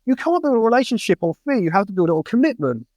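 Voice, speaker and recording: A man's voice: sits high, very animated, rapid-fire, a little mellow, dry recording. A young man talking as a podcast guest, giving blunt, heated advice in casual conversation.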